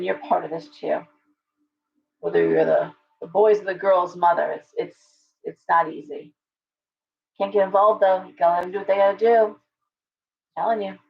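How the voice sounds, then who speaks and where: Greeting viewers by name, a woman talks through a casual live-stream tarot reading aloud, restarting chattily as she goes. Her voice is medium-pitched and creaky, and the audio is dull lo-fi stream sound.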